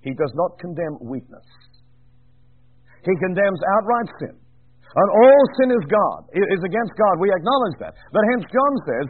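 Emphatic preacher over a tinny line. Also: male voice, high voice, big pitch swings, moderate pace, slightly rough. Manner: emphatic, rhetorical questions, repeats key words. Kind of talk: sermon. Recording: tinny phone-like recording.

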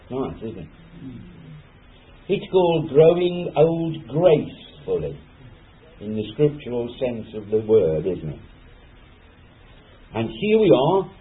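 Unhurried preacher on a tinny recording. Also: male voice, mid-range voice. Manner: addresses listeners as brethren and sisters, rhetorical asides. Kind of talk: sermon. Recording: phone-like lo-fi recording.

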